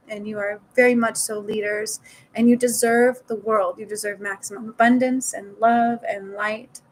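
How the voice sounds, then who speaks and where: A woman's voice: fairly high pitch, steady tone, moderate pace, a little hiss or hum, poor audio. A woman talking casually to viewers in a live stream as a spiritual healer, swearing now and then and repeating words for emphasis.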